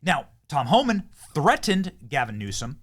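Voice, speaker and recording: A man's voice: on the high side, sing-song, a little slow. A man hosting a political commentary show, speaking in a heated, emphatic and combative way. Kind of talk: opinion commentary.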